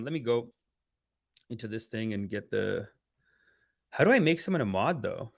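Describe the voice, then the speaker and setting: A man's voice: lowish voice, expressive, moderate pace, vocal fry, long pauses. A young man hosting a livestream, chatting casually and rambling playfully while talking to his viewers. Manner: rambling, playful, talks to chat. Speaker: livestream host.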